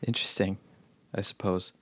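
A man's voice: normal speed, no room sound, lightly acted. A man playing a mild, baffled author. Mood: flat. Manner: flat, mildly baffled replies. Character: mild, plain male accountant author. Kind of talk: comedy sketch acting.

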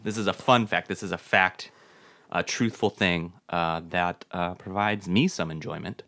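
A man hosting a comedy podcast, slightly gravelly, talking in a dry, deadpan way full of fillers and restarts. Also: deep voice, moderate pace. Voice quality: a little gravelly. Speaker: podcast host. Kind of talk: casual comedic banter.

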